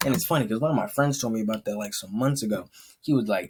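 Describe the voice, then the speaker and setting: A man's voice: fairly low pitch, fast, breathy edge. A young man hosting a reaction video, chatting in a laid-back, self-mocking way. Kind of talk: casual reaction commentary.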